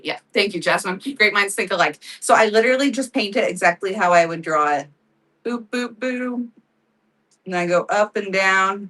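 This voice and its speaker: A woman hosts a live craft sale in casual livestream chat, laughing often and thanking viewers by name. Her mid-range voice is a bit bright, but she's far from the mic on a low-quality recording.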